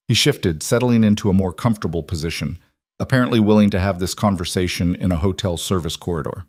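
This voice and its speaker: Low-voiced male story narrator. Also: fast talker, darkish tone, dry recording, clean studio sound. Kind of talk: scripted romance story narration.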